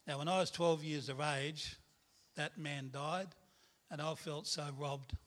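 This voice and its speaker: Middle-aged man, guest preacher, frank testimony style, bright voice. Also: fairly high pitch, steady tone, measured pace. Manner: candid storytelling with self-deprecating laughs. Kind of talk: personal testimony sermon.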